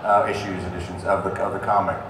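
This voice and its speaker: A male actor on a convention panel, answering a fan's question in a matter-of-fact, halting way. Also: low voice, little pitch movement. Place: large convention hall. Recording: roomy hall, from far off, noisy crowd.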